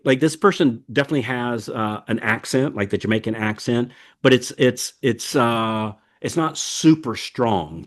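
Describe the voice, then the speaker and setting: A man's voice: fairly low pitch, a bit bright. A man hosting a podcast in casual, folksy chat, rambling with many fillers and restarts. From United States. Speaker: podcast host.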